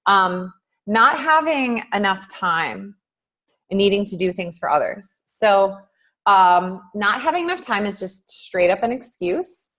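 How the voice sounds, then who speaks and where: Woman, life coach, live-streamed motivational talk, casual, animated, filler words. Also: unhurried. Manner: animated, acts out inner voices with big swings in pitch and loudness.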